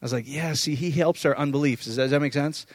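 Preacher, male, conversational and animated, slightly high voice, dry sound. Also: fast, dry recording. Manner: conversational, animated, often asks "does that make sense". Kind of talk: informal sermon.

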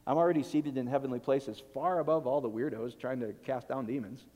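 A man preaching a sermon in an animated way, swinging from loud outbursts to soft, hushed asides. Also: medium pitch, fairly quick. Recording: long hall reverb.

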